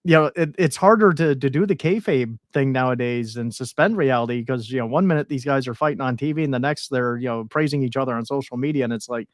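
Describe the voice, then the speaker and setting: A man hosting a casual podcast chat, telling stories in an animated way and calling his guest brother. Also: mid-range voice, quick pace, few pauses, dry recording, studio quality. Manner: animated storyteller who acts out voices, calls people brother. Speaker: podcast host.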